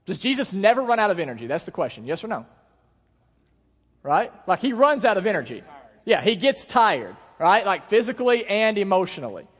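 Animated pastor preaching in a reverberant church. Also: male voice, sits high, a little fast. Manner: conversational, animated storytelling with asides to the congregation. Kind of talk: sermon. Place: church sanctuary.

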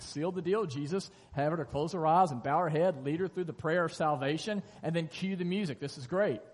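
Pastor preaching, lively storyteller, husky voice, long church reverb. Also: male voice, on the high side. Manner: animated storytelling, acting out scripture dialogue. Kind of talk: sermon. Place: church sanctuary.

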